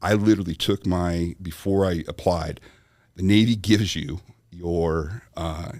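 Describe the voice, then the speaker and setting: Deep-voiced man telling a war story. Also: unhurried, no echo, clean studio sound. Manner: animated storyteller, acts out quoted voices. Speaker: podcast guest. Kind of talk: storytelling in conversation.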